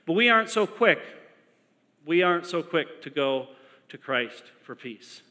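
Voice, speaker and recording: A male pastor delivers a sermon in a high, bright, forceful voice. He tells stories with animated energy and hammers points home through repetition. His voice rings with the long echo of a large church hall. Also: measured pace. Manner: animated storytelling with emphatic repetition.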